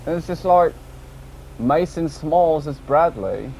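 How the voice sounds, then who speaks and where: A man rambling casually about an online game session, swearing often and tacking on a low, dropped "mate". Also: expressive, unhurried, gravelly, darkish tone. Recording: dull lo-fi audio with faint background noise.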